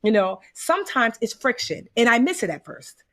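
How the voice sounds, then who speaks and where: An American woman, a guest in a casual chat, tells stories with animation, acting out the voices of people she quotes and tossing in folksy asides. Her voice sits a little high and moves at a normal speed.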